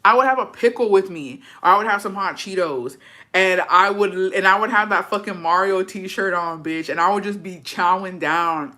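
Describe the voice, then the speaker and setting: Bright-voiced young woman, profane gossip. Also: lowish voice. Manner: profane, gossipy, mixes in Spanish words. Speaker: livestream host. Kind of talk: casual livestream chat reading comments.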